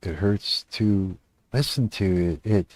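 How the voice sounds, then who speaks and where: Guy rambling on his livestream, slow and dry, swears a lot, trails off, laughs. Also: sits low, a little mellow, no room sound. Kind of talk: casual rambling livestream chat.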